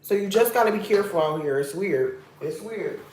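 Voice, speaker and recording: Speaking at medium pitch, expressive and brisk with a darkish tone, this woman's recording has a little hiss or hum and the echo of a roomy room. She's a vlog host at home, talking casually to camera and giving blunt life advice, emphatic, repetitive and preachy.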